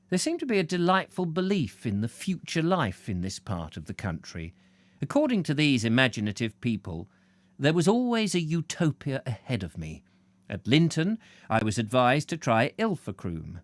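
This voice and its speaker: A man with a mid-range voice reads a travel book aloud for an audiobook, his delivery lively and expressive, rising and falling freely. He keeps drifting into playful, self-mocking digressions. The recording is dry and close, with no room echo.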